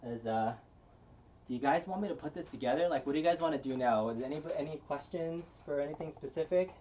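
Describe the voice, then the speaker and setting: A man hosting a casual live-stream unboxing, talking in a relaxed, rambling way with plenty of fillers and restarts. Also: on the high side, fast talker, a little hiss or hum. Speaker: channel host.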